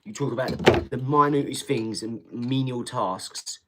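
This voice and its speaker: A man's voice: medium pitch, a little slow, heavy background noise. A man in his forties hosting a casual live stream. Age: 40s. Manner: blunt, rambling, swears freely, talks to viewers. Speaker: livestream host. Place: home front room.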